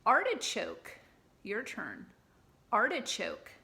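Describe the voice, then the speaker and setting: Woman, preschool teacher, circle-time read-aloud; bright, slow, sing-song call-and-response. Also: medium pitch, wildly swooping pitch, vocal fry.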